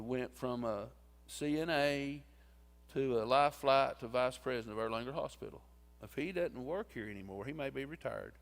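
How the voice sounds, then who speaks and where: A man giving a eulogy at his wife's funeral, telling folksy stories and acting out what people said. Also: mid-range voice. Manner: folksy, tells stories and acts out quoted lines. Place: church sanctuary. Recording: long church reverb.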